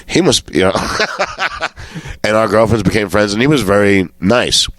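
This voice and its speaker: A man with a deep, low voice recounts showbiz anecdotes as a guest on a talk show. He swears casually and slips into the voices of the people he quotes. The sound is dry and close, with no room around it. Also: moderate pace, a bit bright, no room sound. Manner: swearing storyteller who acts out quotes. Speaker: comedian guest.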